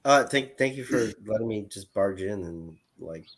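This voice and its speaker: A man's voice: fairly low pitch, lively intonation, normal speed, slightly rough. A man around thirty, a guest calling into a livestream, talking casually with many fillers and restarts. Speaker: guest caller. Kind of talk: casual chat.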